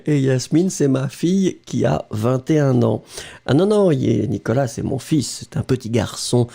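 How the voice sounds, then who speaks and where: A man's voice: medium pitch, animated, normal speed, vocal fry, warm tone, slightly rough. A middle-aged French man with a French accent, teaching a live online lesson in a chatty way, often laughing and slipping into French. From France.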